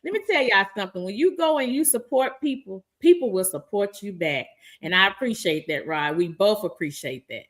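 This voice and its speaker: A woman's voice: medium pitch, fairly quick. A woman co-hosting a live-streamed talk show, laughing often and reading viewer comments aloud. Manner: lively, laughs often, reads chat aloud with warm greetings.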